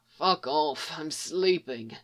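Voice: normal speed, bright, forceful tone. Narrator doing a grumpy, drowsy wounded man. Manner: low, slurred, drowsy delivery. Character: grumpy exhausted wounded man, dry humor.

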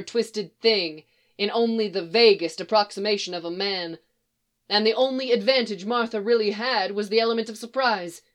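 A woman reading fiction aloud in a steady, expressive storytelling manner. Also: medium pitch. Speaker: reader.

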